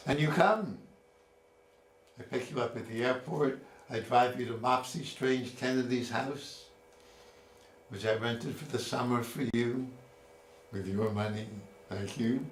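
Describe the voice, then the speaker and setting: A man performs an autobiographical story at an unhurried, measured pace, addressing his mother directly. His voice sits in a mid range and rings in a roomy space, with faint ambience behind it. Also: mid-range voice, a little hiss or hum. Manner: slow, deliberate, speaking directly to his mother.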